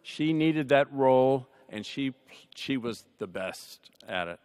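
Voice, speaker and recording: A man speaking on a panel, telling a personal family story in a conversational way, with dry humor, his voice softening at the sad moments. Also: medium pitch, lively intonation, slow, clean tone. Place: large chapel. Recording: long reverb of a large hall.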